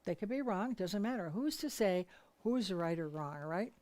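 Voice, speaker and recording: An older woman talks in a gentle, unhurried way as a spiritual teacher. Her voice sits at a middling pitch, and she tells homely anecdotes. Now and then she acts out the voices of the people she quotes. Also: expressive. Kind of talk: relaxed talk with anecdotes.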